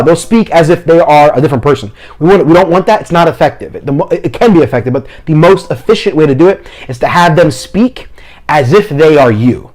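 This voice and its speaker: A man talking fast in an instructional video, his voice sitting a little high for a man. He explains step by step and acts out short example lines as he goes. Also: darkish tone. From Philadelphia, family from Puerto Rico. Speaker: mission trip leader and preacher. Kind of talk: instructional talk to camera.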